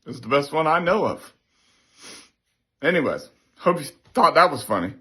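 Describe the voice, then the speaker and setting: Animated, profane man telling a story. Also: on the high side, moderate pace. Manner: animated, swears freely, acts out others' lines. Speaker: storyteller recounting a military prank.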